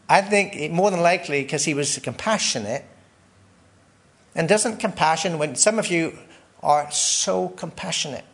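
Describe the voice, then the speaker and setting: A man preaching a sermon in a conversational way, asking the congregation questions, tagging "right?" onto his points and laughing lightly between phrases. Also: a little high.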